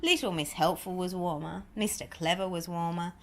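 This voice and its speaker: A woman reading a children's picture book aloud, with lively, chatty asides to a listening child. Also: on the low side, fairly quick, hardly any pauses. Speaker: storybook reader.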